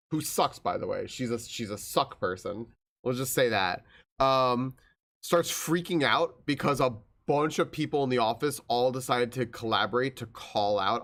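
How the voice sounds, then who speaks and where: A man's voice: medium pitch, a bit bright. A man streaming a video game from home, chatting casually and telling stories, rambling, swearing freely and laughing often. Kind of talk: casual gameplay chat with storytelling.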